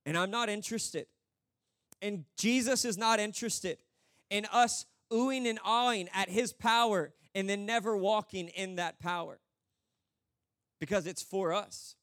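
Animated high-voiced preacher. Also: male voice, a little slow, no echo, clean studio sound. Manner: animated storytelling, acts out voices. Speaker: pastor. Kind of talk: sermon.

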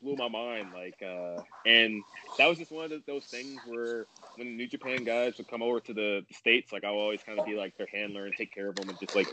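A wrestler guest on a podcast tells a story in a lowish, sharp-toned voice, talking fast and rambling with lots of "like" fillers. The recording is low quality, with slight background noise.

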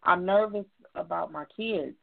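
A woman's voice: fairly low pitch, measured pace, gravelly. Earnest mother on a tinny phone line. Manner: heartfelt, earnest, speaks in short repeated phrases. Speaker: podcast guest, mother. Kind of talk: casual podcast chat.

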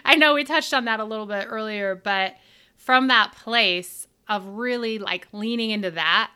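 A woman's voice: fairly high pitch, normal speed, pushed and bright, smooth. A woman co-hosting a faith podcast, speaking earnestly in casual conversation. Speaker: podcast co-host. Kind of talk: casual chat.

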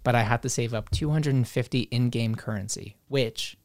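Young male co-host, animated, swears a lot, dry close-miked sound; casual chat. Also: mid-range voice, normal speed, no echo. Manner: animated, swearing, rambling with many fillers. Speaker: podcast co-host.

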